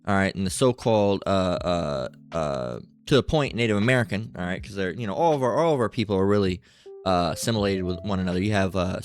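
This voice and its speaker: A man giving casual religious commentary with an itchy throat, rambling and swearing, full of fillers and asides. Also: low-pitched.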